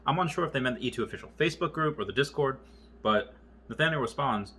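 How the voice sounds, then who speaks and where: A man's voice: mid-range voice, rapid-fire, bright, forceful tone, slight background noise. A young man giving a casual vlog update, rambling as he reads aloud from handwritten notes. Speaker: gaming and investment YouTuber.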